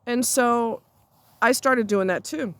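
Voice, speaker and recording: A woman's voice: a little high, slow pace, dry recording. Woman, vlogger. Blunt, chatty storyteller recorded outdoors on a phone. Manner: blunt, salty and chatty, with frequent asides. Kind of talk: casual storytelling chat. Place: outdoors near a road, walking a dog.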